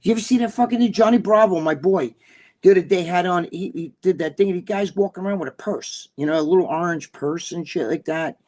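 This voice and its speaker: High-voiced profane New Jersey man. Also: brisk, darkish tone. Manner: blunt, profane, rambling with many fillers. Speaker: bodybuilding personality, co-host. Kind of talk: casual chat.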